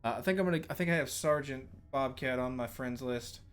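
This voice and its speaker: A man's voice: mid-range voice, a little fast, clear, resonant tone, soft background music. Easygoing man hosting a stream. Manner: easygoing, rambling. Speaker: stream host. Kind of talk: casual livestream chat.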